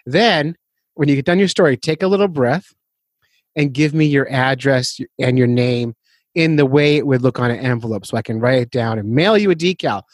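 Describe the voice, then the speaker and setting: A man's voice: mid-range voice, no room sound. A man hosting a fishing podcast in a casual, rambling, self-deprecating way, laughing often. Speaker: podcast host.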